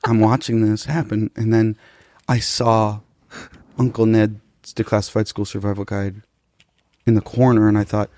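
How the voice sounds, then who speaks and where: A man's voice: on the low side, little pitch movement, moderate pace, a little mellow, dry recording. A man telling an absurd improvised comedy story in a matter-of-fact way. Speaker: podcast comedian.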